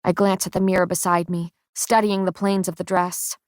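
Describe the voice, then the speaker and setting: A woman reading first-person audiobook narration in a steady, measured way. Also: on the low side, no room sound, studio quality.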